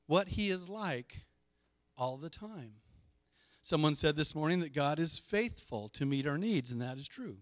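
Male pastor, middle-aged, emphatic sermon delivery, slightly high voice, dry sound. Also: a bit bright, no echo. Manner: emphatic, call-and-response with congregation.

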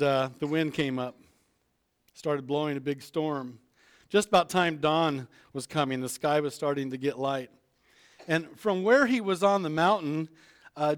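A man preaching a sermon, retelling a Bible story in a casual way, acting out the characters' lines and chuckling as he goes. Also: on the high side. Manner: retells scripture conversationally, acts out voices, chuckles.

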